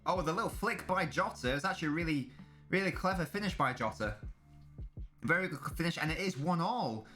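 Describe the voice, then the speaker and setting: A man's voice: fairly high pitch, animated, brisk, pushed and bright, faint music behind. A young man streaming a live football watchalong, chatting casually with his viewers and swearing freely. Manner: casual banter with chat, swearing. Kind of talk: live match watchalong commentary.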